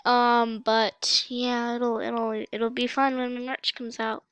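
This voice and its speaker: A young woman casually commenting on her gameplay for her channel, chatty and excitable, with a slight cough. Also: on the high side, slow pace, clean tone, no echo. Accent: mock British, put on. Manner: chatty, excitable, breaks into gasps and shouts. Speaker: gaming channel host.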